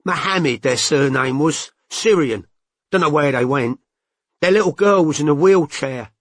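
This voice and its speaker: A woman's voice: deep voice, expressive, unhurried, dry recording, clean studio sound, pitched above the performer's own voice. A male narrator voicing a brash, foul-mouthed young mother with a coarse, slangy way of talking. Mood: chatty. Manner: blunt, coarse, working-class slang.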